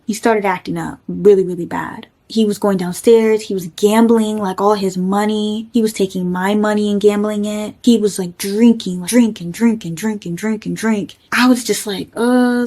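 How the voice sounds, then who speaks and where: A woman's voice: mid-range voice, a little mellow. Woman rambling through a storytime. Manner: rambling, lots of "like" fillers. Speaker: storyteller guest. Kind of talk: casual storytime.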